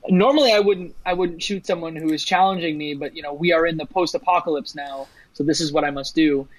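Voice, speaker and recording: Man, slightly high voice, casual podcast co-host, chatty, dry close sound. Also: a little fast, no echo, rough recording. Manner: chatty, leans on "like" and "you know". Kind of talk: casual chat about a video game.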